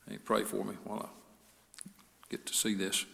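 Male pastor, bright and high-pitched, fervent sermon delivery, reverberant church sanctuary. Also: monotone, normal speed, creaky, breathy edge. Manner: rising to an impassioned preaching cadence, with many "uh" fillers. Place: church sanctuary, broadcast service. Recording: long reverb of a church hall.

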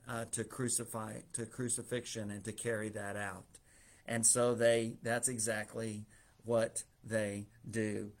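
Man preaching a lively story sermon. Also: medium pitch. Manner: storytelling, acts out the Bible scenes with raised voice for quoted figures. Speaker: pastor.

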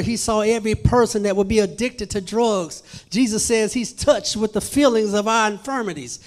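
A man preaching a sermon at a church service, swinging from hushed to loud, emphatic calls. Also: high voice.

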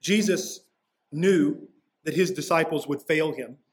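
Casual, fairly high-voiced male preacher. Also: slow pace. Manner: casual, conversational preaching with slangy asides. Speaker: pastor. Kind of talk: sermon.

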